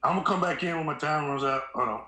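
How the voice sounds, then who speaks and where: A man calling in to a stream, his voice fairly high and bright, with faint noise and room echo behind it. He speaks bluntly and mocks the people he argues with. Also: fast. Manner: blunt, emphatic, mocks opponents in put-on voices. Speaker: caller. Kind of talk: casual phone-in chat.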